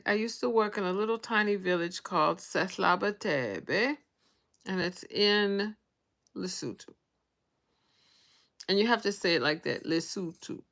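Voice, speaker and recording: Slow-talking older woman chatting on a livestream. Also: mid-range voice, creaky, bright, forceful tone. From United States. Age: 60s. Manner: chatty, reads viewer names aloud. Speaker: vlog host. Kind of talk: casual livestream chat. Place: bedroom. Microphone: phone.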